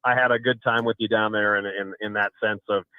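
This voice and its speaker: A man's voice: fairly low pitch, fairly even intonation, brisk, clear, resonant tone, no room sound. A man, a fellow radio host, calling in by phone and bantering earnestly, stressing his points and often repeating words. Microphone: phone line. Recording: tinny phone line.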